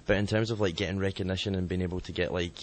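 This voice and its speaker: A man, the band's bassist, giving measured, hesitant interview answers. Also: steady tone. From Scotland. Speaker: band bassist.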